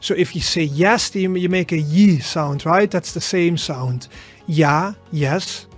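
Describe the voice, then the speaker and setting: A man from the south of the Netherlands with a southern Dutch accent, teaching pronunciation in a relaxed, casual way. He repeats words slowly and often checks in with "right?". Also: a little high, faint music behind. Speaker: language teacher.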